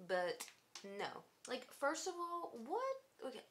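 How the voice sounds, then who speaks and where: A woman's voice: extremely high pitch, wildly swooping pitch, slow pace, a bit bright. Blunt, foul-mouthed young woman vlogger. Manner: blunt, profane and sarcastic. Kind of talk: casual storytelling vlog.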